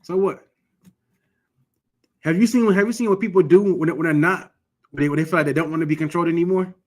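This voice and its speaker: In a fast, somewhat high voice, a man from Michigan gives a casual, earnest class on religious law. He exhorts his listeners directly and keeps restarting what he's saying.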